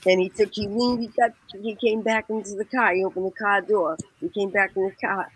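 A woman's voice: mid-range voice, steady tone, brisk, slightly rough, dry recording, rough recording. A woman telling a long personal story in casual conversation, laughing often and quoting people, with many fillers and restarts. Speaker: guest.

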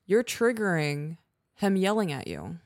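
A woman's voice: on the low side, sing-song, unhurried. A woman co-hosting an advice podcast, talking directly and reading listener letters aloud. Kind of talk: casual advice chat.

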